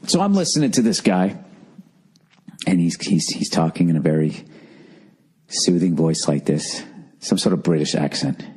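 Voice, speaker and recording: A man's voice: deep voice, lively intonation, normal speed, long pauses, a little mellow, slightly rough. A man hosting a podcast alone, ranting in an exasperated, profane solo monologue. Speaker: podcast host. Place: alone in a room.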